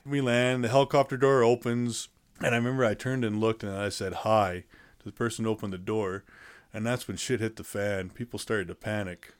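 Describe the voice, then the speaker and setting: A man's voice: fairly low pitch, fairly even intonation, a little fast, clean tone. A man being interviewed, recounting events in a plainspoken, matter-of-fact way with many fillers and restarts. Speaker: interview guest. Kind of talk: casual storytelling in conversation.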